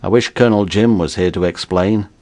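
A man's voice: deep voice, brisk, a little mellow, no room sound. A man doing a shifty nervous ex-convict. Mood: uneasy. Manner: uneasy, folksy drawl with slang.

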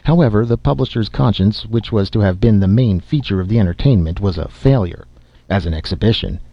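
Male narrator, low husky voice with a creaky edge, reads a story with measured drama; dry, muffled sound. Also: no echo. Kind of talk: storybook reading. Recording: slightly dull lo-fi recording.

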